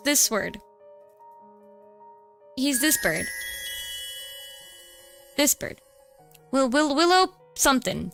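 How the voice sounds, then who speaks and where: Bright chatty young woman streamer. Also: high voice, smooth. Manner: rambling, many fillers and self-interruptions. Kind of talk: casual chat while drawing.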